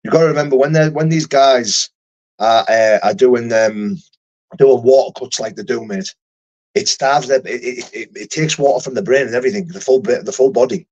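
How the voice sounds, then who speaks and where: A man's voice: mid-range voice, normal speed, darkish tone, dull audio. A young man who fights for a living, chatting casually on a livestream and answering viewer comments in a rambling, profane way with lots of restarts. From United Kingdom.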